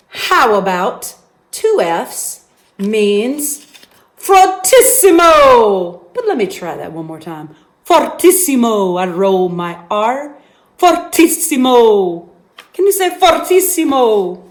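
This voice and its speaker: A woman teaching a children's music lesson, slowly sounding out terms and singing examples at different volumes. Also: mid-range voice, very animated. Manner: slow, clearly enunciated teaching voice. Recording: echoey room.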